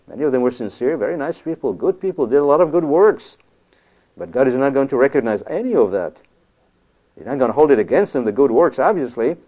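A man preaching a sermon in a conversational, emphatic way, often checking in with "you see?". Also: mid-range voice. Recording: tinny phone-like sound.

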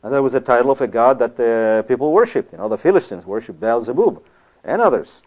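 Expressive and fast, his medium-pitched voice carries a sermon that is emphatic yet conversational, peppered with "you see?" check-ins. The sound quality is tinny, as if over a phone.

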